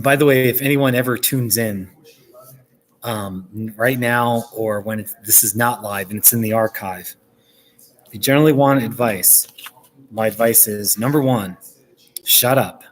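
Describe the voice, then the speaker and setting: A man's voice: medium pitch, rough recording. A man chatting casually and rambling on a live stream from a coffee shop, chuckling often as he talks. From United States.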